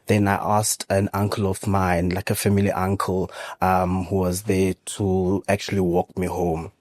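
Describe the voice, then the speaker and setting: A man, a podcast guest recounting a personal story in a halting, measured way with frequent pauses. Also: low-pitched, little pitch movement, darkish tone, dry recording. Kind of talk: personal testimony in an interview.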